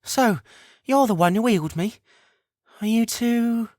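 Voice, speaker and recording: A man putting on a high, breathless mother. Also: lively intonation, measured pace, mellow, no echo, clean studio sound. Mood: warm. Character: frail, tender older mother, just healed.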